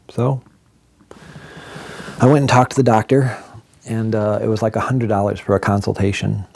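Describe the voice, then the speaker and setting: A man's voice: lowish voice, fairly even intonation, moderate pace, gravelly, pauses often, a little mellow. A man telling a personal story in a casual vlog, with wry, self-deprecating humor.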